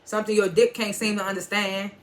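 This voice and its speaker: Bright-voiced casual TV recap host. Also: medium pitch, level tone, fast talker. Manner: storytelling, quotes characters with "he was like"; chuckles and reacts while retelling. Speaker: TV episode reviewer.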